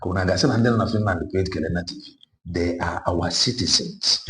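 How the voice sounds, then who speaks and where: This online political commentator has a low, fast voice with a fairly bright tone. Speaking with a Nigerian Igbo accent, he delivers an impassioned political monologue, switching between Igbo and English and repeating points emphatically.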